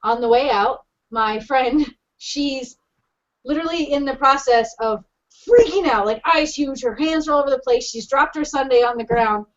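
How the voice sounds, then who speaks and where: A woman co-hosting a casual podcast tells a crude story, animated and quick to laugh. Her voice sits high, and the recording sounds dull and lo-fi. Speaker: podcast co-host.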